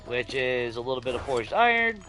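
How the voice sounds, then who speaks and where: A young man talks through his game for viewers in an animated, lively voice that rises and falls a lot. His tone is bright and forward, and he swears freely while he jumps from griping to giddy delight. Faint game music plays behind him. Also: medium pitch, brisk. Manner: chatty, profane, swings between grumbling and giddy excitement. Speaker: gaming channel host. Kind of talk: casual let's-play commentary to viewers.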